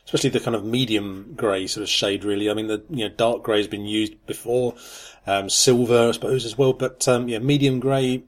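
A man co-hosting a podcast, talking in a measured way with many ums and dry humour. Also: mid-range voice, steady tone. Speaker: podcast co-host. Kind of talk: casual chat.

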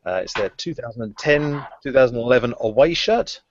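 A man's voice: mid-range voice, lively intonation, brisk, slight background noise. A man hosting a casual podcast, speaking with frequent hesitations and a dry wit. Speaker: podcast host. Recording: dull lo-fi podcast audio.

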